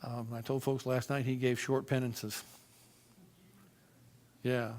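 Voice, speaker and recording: A man from Florida telling his personal testimony in church, in an animated, emphatic storytelling manner. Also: medium pitch, takes it slowly.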